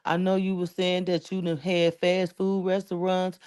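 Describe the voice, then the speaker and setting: A woman's voice: fairly low pitch, level tone, normal speed, darkish tone, clear, resonant tone. A woman from the Chicago area chatting casually on a livestream, rambling and emotional, thanking viewers by name. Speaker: livestream host.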